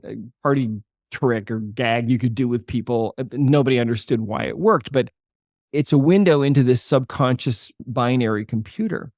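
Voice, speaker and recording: An older man, a holistic chiropractor, explaining his work and telling a patient story in a podcast interview with a measured, earnest delivery. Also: medium pitch, a little mellow, no echo, clean studio sound. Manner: earnest, measured explainer who slows for emphasis.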